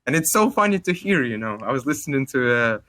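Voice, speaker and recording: A young man in his twenties speaks English with a Russian accent, his voice bright and forward. He chats casually on a podcast. He rambles, fills gaps with "like" and drops the odd curse word. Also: mid-range voice, big pitch swings, fast talker. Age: 20s. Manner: rambling, heavy use of "like", casual swearing. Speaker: podcast co-host.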